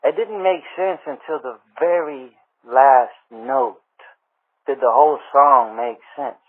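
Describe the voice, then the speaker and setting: A man leaving a long voicemail for a radio show, telling a rambling story with drawn-out pauses and often calling the host sir. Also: mid-range voice. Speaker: voicemail caller. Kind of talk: rambling anecdote. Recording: tinny phone-line voicemail.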